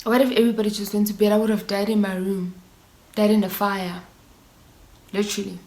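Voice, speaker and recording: A woman's voice: medium pitch, flat delivery, brisk, a little mellow. A young South African woman in her twenties telling a story to camera, casually and animatedly, mixing in Zulu slang. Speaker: vlogger. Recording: echoey room.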